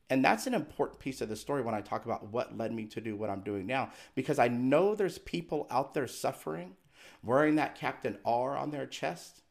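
With a medium-pitched voice full of vocal fry, a middle-aged man on a podcast opens up about his own experience. He's confessional and frank, earnest and emphatic, performing the dialogue as he recalls it.

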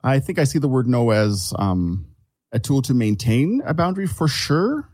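A man's voice: mid-range voice, big pitch swings, moderate pace, darkish tone, dry recording. A man chatting as a podcast guest, a reflective storyteller who often restarts his sentences and calls himself an overthinker. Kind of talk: casual podcast conversation.

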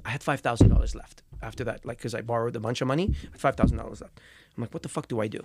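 Over very noisy audio, a young man talks rapid-fire in a mid-range voice as a musician guest in a relaxed interview. He swears plenty, repeats words, and gets loud when his anger flares.

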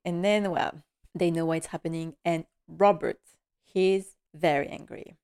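A woman's voice: low voice, a little slow, vocal fry, darkish tone, clean tone. A woman hosting a podcast, chatting enthusiastically and laughing often as she recaps a TV episode. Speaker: podcast host.

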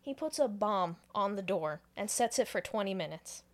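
A woman co-hosting a podcast, casually recapping a film plot in an animated, profane way with frequent laughter. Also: mid-range voice, moderate pace. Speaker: podcast co-host. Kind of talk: casual movie recap chat.

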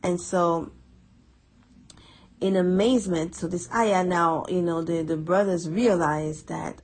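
A woman with a low, husky voice talks through a Quran reflection lesson. She is earnest and chatty, and she repeats words to stress a point. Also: steady tone, moderate pace, a little mellow, low-quality recording. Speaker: Quran teacher.

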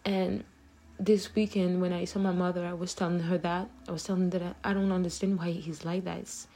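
A young woman vlogging late at night, talking softly and haltingly to her camera, tearful after crying, with many fillers and restarts. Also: on the low side, flat delivery, a little hiss or hum.

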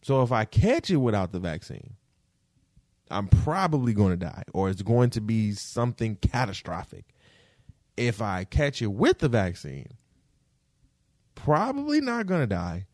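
Animated New man ranting. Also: fairly low pitch, normal speed, no echo, studio quality. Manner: animated, swears freely, frequent fillers and "you feel me". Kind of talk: casual rant, podcast-style chat.

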